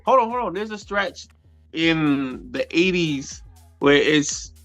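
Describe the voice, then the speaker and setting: A man's voice: on the high side, expressive, slow, fairly bright tone, lo-fi sound, soft background music. A man co-hosting a sports talk show, arguing heatedly and cutting in with "hold on.". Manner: interrupts, repeats "hold on".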